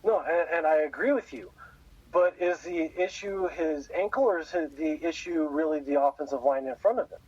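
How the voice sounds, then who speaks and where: Slightly high-voiced guy on a sports pod, kinda muffled lo-fi sound, chill and agreeable. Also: normal speed, a little mellow, slightly rough. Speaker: podcast co-host. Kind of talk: sports podcast talk.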